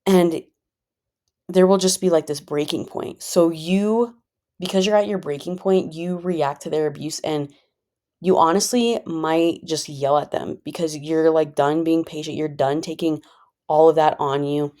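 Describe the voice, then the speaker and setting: Woman vlogger, low voice, easygoing chat with lots of filler words. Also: fairly even intonation, unhurried, dark tone. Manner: rambling, filler-heavy, conversational; calls herself a pretty chill person. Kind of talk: casual personal monologue.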